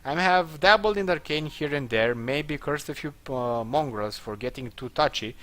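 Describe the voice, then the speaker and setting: A man's voice: a little high, moderate pace, fairly bright tone, voice pushed up, natural voice. A man voicing a sardonic woman arcanist accused of witchcraft, in a put-on accent, reading game dialogue aloud. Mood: scornful.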